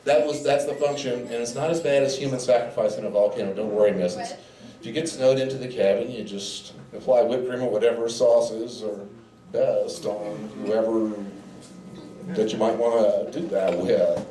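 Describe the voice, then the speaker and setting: A man's voice: medium pitch, fairly even intonation, moderate pace, dark tone. Cowboy standup man, rambling and folksy, mid-range voice, recorded live in an echoey bar from a distance. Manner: folksy cowboy drawl, rambling, breaks into silly singing. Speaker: standup comedian. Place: bar and grill with live audience. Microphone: handheld mic.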